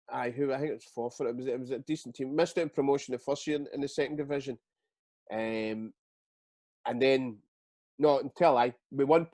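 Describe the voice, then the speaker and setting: A man's voice: mid-range voice, dry recording. Scottish man, forties, casual interview chat, stumbling restarts, dry recording. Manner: halting, with many repeated words and restarts; lively storyteller. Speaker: guest, retired footballer.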